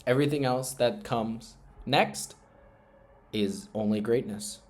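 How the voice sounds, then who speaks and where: A young man thinks out loud through a live trading stream. His talk rambles and is peppered with swearing. He often trails off into a quiet mutter under his breath. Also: medium pitch, slow pace. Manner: rambling, profane, emotional self-talk. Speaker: trading livestreamer. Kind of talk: casual live-stream monologue.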